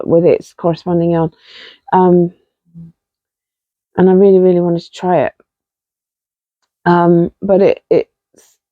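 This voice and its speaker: A woman's voice: fairly low pitch, mellow, no echo, muffled recording. A woman hosting a casual knitting podcast, chatty and self-deprecating, rambling with fillers. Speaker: podcast host.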